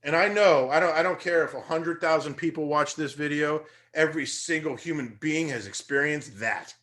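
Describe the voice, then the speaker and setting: Young male teacher, slightly high-pitched, energetic, conversational motivational lecture. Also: normal speed. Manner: energetic, conversational, rising to emphatic bursts.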